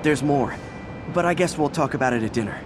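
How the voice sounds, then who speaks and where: A man's voice: mid-range voice, a little fast, background noise, close to an everyday voice. An actor playing a friendly, earnest young male hero who talks in an upbeat, chatty way.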